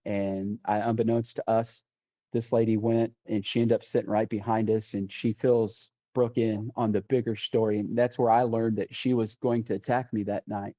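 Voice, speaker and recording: A man with a warm, mellow voice tells his faith testimony as a podcast guest. He acts out what people said in quoted lines and often restarts mid-sentence. The sound is dull and lo-fi. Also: mid-range voice. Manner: vivid retelling with quoted dialogue and frequent restarts. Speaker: deputy sheriff and podcast guest. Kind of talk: testimony storytelling.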